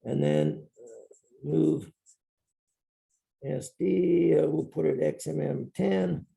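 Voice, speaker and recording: Male professor, gravelly, dark-toned, classroom lecture, step-by-step explanations. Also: on the high side, measured pace. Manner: explains step by step, repeating key terms. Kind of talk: university lecture.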